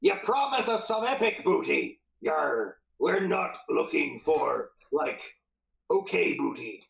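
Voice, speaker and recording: A crew of big, brutish ogre pirates, put on by the game master of a live tabletop game. They speak in a lazy, slangy drawl, a little lower than the game master's usual voice, with lively swings in pitch. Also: takes it slowly, creaky, echoey room, heavily acted, low-quality recording. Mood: gruff approving.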